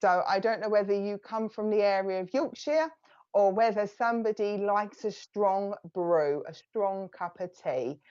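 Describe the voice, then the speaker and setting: A woman's voice: mid-range voice, normal speed, a little mellow, smooth, dull audio. A woman with an Essex accent giving a live psychic reading, relaying messages in a chatty, reassuring way. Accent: Essex English. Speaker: psychic medium.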